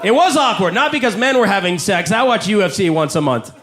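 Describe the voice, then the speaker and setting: A brash comedian in his forties tells profane stories on stage at a comedy club. His voice sits high for a man. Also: expressive, fairly quick, noisy background. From Canada. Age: 40s. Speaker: stand-up comedian. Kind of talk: live stand-up set.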